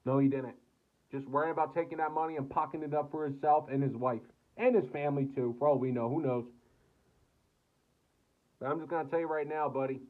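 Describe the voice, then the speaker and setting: An American man delivering an angry, profanity-filled rant to camera, cursing and repeating himself. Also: on the high side. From United States. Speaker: vlogger. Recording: tinny phone-like audio.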